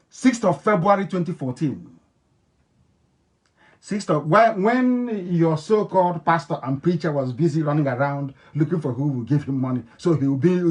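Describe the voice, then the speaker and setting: A political leader, a native Igbo speaker with an Igbo-influenced Nigerian English accent, gives an impassioned radio address to his followers at a moderate pace. He's emphatic and repetitive, swinging between loud declarations and low, intense tones.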